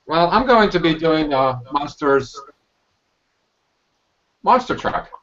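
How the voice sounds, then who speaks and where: A man chatting casually on a video call about his model kit, rambling and halting with lots of fillers and restarts. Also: on the high side, animated, fairly bright tone. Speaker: hobbyist scale modeler on a video hangout. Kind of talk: casual chat. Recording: dull lo-fi video call audio.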